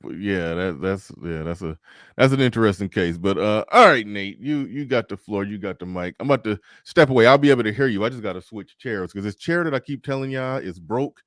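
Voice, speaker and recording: A man with a low, easygoing voice hosts a casual livestream and reads viewer messages aloud between his own remarks. He talks in a relaxed, loose way. The sound is dry and close to the mic. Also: fairly quick, no room sound. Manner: relaxed, reads out super chats. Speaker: livestream host.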